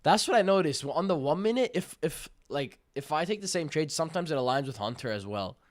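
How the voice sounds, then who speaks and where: A young man giving casual, slangy commentary on a live trading stream, hyped and breaking into loud cheers. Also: a little high, animated, a little fast. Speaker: livestream day trader.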